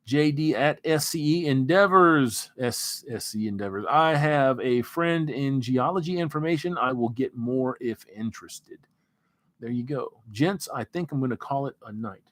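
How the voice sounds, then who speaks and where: A man hosting a casual livestream, reading out viewer comments in a relaxed, rambling way before sliding into an earnest pep talk. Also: mid-range voice, moderate pace, no room sound. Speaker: livestream host.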